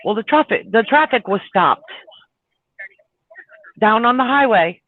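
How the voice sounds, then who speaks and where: A man's voice: very high voice, animated, unhurried, dry recording. A man, a truck driver, telling a long road story in a chatty way on a live stream. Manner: chatty, laughing, retells arguments with heat. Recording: tinny phone-like line.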